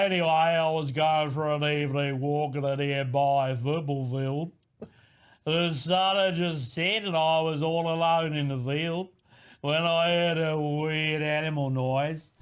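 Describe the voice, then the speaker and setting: A man reading out a listener's spooky story as an Australian woman, in an exaggerated put-on Australian accent. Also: a little high.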